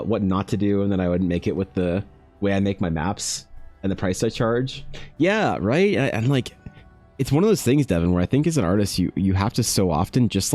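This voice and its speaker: A man's voice: lowish voice, a little mellow. A man, an artist, chatting casually with his live-stream audience, rambling and self-deprecating, often talking to viewers by name.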